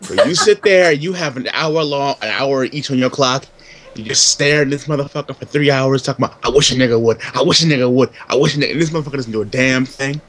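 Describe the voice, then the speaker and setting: A man calling in to a podcast, chatting casually in an animated, profane way. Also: medium pitch, quick pace, slight background noise. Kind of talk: casual chat.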